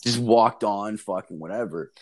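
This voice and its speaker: A man's voice: fairly low pitch, moderate pace, slight background noise. A young man telling a long, profane, rambling story in casual chat.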